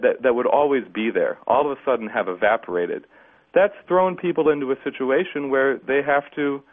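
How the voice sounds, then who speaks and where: A man, a guest on a political talk radio show, speaking haltingly with many restarts and fillers. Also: lowish voice. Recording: phone-like narrow band radio sound.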